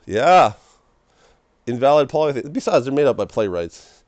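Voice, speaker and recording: Guy streamer rambling about faith, gets excited, laughs a lot, mid pitch, dry close sound. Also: moderate pace, no echo, highs cut off. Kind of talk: casual preaching monologue.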